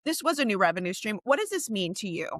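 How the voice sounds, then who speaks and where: A woman's voice: medium pitch, very animated, fast talker, a bit bright, no echo. A woman co-hosting a podcast in a loose, chatty way, with lots of fillers and restarts. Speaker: podcast co-host. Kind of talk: casual podcast discussion.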